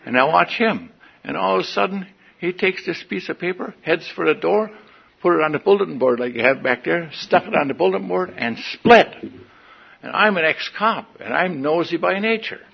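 A man's voice: sits high, animated, moderate pace, creaky, slightly rough, lo-fi sound. An older man giving a folksy, wry personal testimony at a meeting, in front of an audience. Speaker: recovery meeting speaker.

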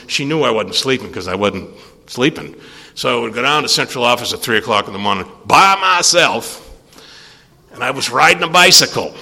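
An older man speaking at a recovery meeting, telling a rambling, animated story and acting out the conversations in it. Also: medium pitch, gravelly. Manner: rambling, animated storyteller who acts out dialogue. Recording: long hall reverb.

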